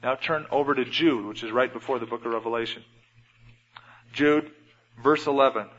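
A man preaching a sermon in a church, retelling Bible stories and often changing his loudness. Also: mid-range voice, moderate pace. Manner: storytelling, acts out Bible scenes with shifts in loudness. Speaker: pastor. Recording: dull radio broadcast with long hall reverb.

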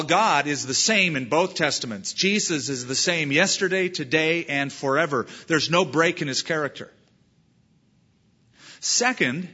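A man's voice: fairly high pitch, pushed and bright, breathy edge. A man pastor preaching an emphatic verse-by-verse sermon, weaving in a story, on a dull lo-fi sermon recording. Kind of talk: expository sermon.

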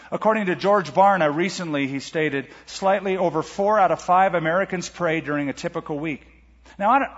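A middle-aged man preaching a sermon as pastor, animated, asking rhetorical questions and reading scripture aloud. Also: fairly high pitch, husky. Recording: lo-fi church recording with long hall reverb.

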